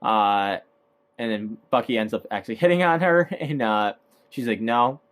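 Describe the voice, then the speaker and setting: A man's voice: medium pitch, animated, normal speed. A man casually recapping a movie, rambling with lots of fillers and hesitations. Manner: rambling, filler-heavy, laughs at own points.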